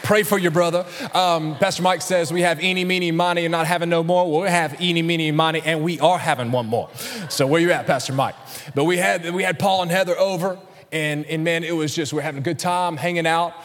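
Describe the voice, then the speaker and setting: A man in his thirties preaches to his church, his voice sitting high for a man. He tells a story with humor, slipping into acted-out quotes, and a long hall reverb trails his words. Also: steady tone, brisk, a bit bright. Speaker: pastor. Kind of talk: sermon. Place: church sanctuary.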